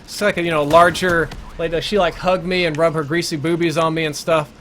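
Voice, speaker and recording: A man's voice: fairly high pitch, flat delivery, fairly quick, a bit bright, slight background noise. A man streaming live gameplay, telling a long crude story in a rambling, self-interrupting way. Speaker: gaming streamer.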